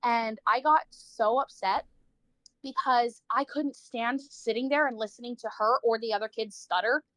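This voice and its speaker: A woman's voice: fairly high pitch, normal speed, a bit bright, dry recording. A woman livestreamer telling a personal story in casual chat, saying "like" a lot, swearing freely and acting out the people she quotes.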